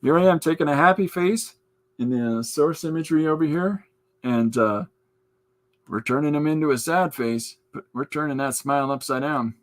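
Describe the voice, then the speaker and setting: With a slightly high voice at a normal speed, a man hosts a podcast from his art studio, drawing and chatting casually with his live audience. This comic artist answers viewers' comments aloud as he goes.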